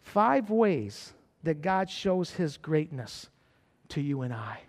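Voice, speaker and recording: A man's voice: a little high, slow. A man preaching a sermon as pastor, building to fervent exhortations to his church. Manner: preaching with rising excitement and exhortations. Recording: hall reverb.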